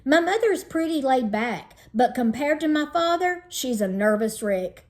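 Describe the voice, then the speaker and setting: A woman teacher reading a children's chapter book aloud in an unhurried storytelling manner, slowing down over lists. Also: high voice, lively intonation, a little mellow.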